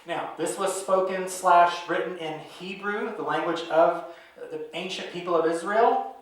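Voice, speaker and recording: A man preaching a sermon as pastor, talking in a conversational, animated storytelling way. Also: high voice, a little slow. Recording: echoey room, mic from a distance.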